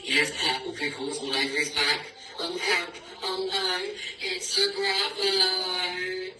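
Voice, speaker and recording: A man's voice: on the high side, completely flat delivery, brisk, voice pushed up, close to an everyday voice. A man voicing a small, clever, bluffing mouse in a picture-book reading, in a playful sing-song voice. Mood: cheeky. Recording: echoey room, distant mic, noisy.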